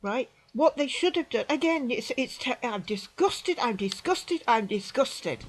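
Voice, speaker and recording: A British woman in her sixties, telling her own story to the camera in an emphatic, indignant way, repeating phrases and dropping into quiet asides. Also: a little high, expressive, a little slow, rough recording. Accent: British English. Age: 60s. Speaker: vlogger recounting an experience. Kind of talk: indignant personal account to camera.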